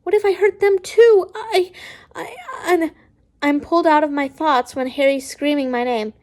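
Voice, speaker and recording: A woman's voice: sits high, normal speed, a little mellow. A woman reading fan fiction aloud casually, stumbling and correcting herself often. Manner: stumbling, frequent restarts and self-corrections.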